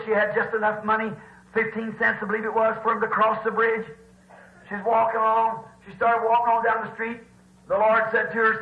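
A man preaching a storytelling sermon in a church, animated, rising to shouts with folksy grammar. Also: sits high. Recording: roomy, dull lo-fi old recording.

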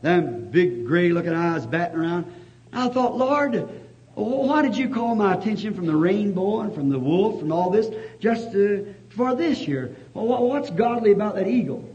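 A man preaching a sermon, telling a folksy story that rises to fervent shouting. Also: high voice, very animated, moderate pace. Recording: dull lo-fi old recording.

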